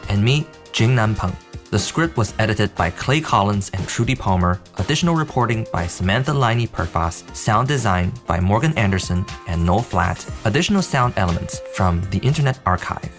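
A man co-hosting a podcast, narrating and asking questions in a calm, even way. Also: lowish voice, normal speed, soft background music. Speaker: podcast host. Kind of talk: scripted narration.

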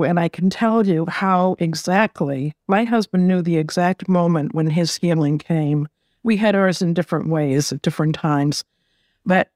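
A middle-aged woman being interviewed, telling a personal story in a gentle, reflective way and often repeating words as she gathers her thoughts. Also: on the low side, no echo, studio quality. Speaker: interview guest.

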